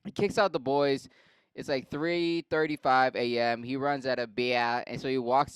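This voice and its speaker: A man's voice: medium pitch, steady tone, moderate pace, clean tone, dry recording. A man hosting a podcast, ranting crudely and sarcastically with lots of profanity. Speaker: podcast host. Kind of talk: crude comedic rant.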